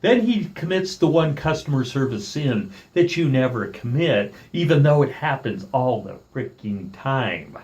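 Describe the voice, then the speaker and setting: A man's voice: mid-range voice, a little slow, few pauses. Middle-aged guy vlogging a rant, voice jumps way up when he acts out the argument, talks about himself in third person. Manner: animated, acts out both sides of an argument in a raised voice. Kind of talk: casual storytelling monologue.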